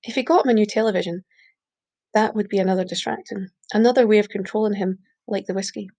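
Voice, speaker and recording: A woman reading a short story aloud, steady, with small slips she corrects. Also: mid-range voice, quick pace. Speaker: reader. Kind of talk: audiobook reading.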